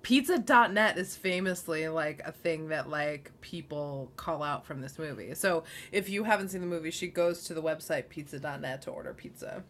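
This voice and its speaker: A woman's voice: low voice, lively intonation, moderate pace, hardly any pauses, a little hiss or hum. A woman in her thirties co-hosting a casual movie podcast, giggling often and tossing in playful asides. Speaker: podcast co-host.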